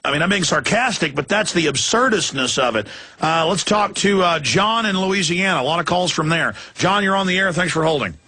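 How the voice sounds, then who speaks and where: A middle-aged man hosts a call-in radio show, talking fast and heatedly with a sarcastic edge. His voice is bright and a little husky, pitched slightly high for a man. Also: expressive. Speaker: radio talk show host.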